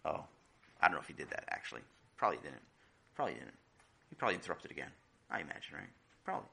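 A man narrating a humorous story in a lively, expressive, conversational way. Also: rumbling low, very fast, creaky, pauses often, husky.

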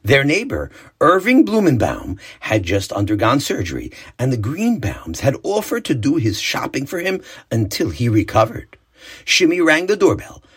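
A man narrating a children's story in an expressive, animated read-aloud way. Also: medium pitch, moderate pace, slightly rough.

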